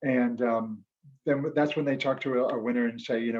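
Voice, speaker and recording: A man's voice: mid-range voice, fairly even intonation, moderate pace, a little mellow, lo-fi sound, a little hiss or hum. A man telling a reflective, earnest story as a guest speaker on a video call, getting emotional at moments. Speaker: guest speaker, former quiz show champion. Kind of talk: storytelling talk at an online club meeting.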